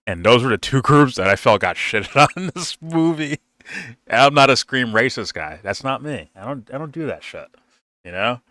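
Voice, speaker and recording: A man's voice: mid-range voice, expressive, moderate pace, pushed and bright, no echo, clean studio sound. A man giving a casual, rambling film review, swearing freely and laughing often.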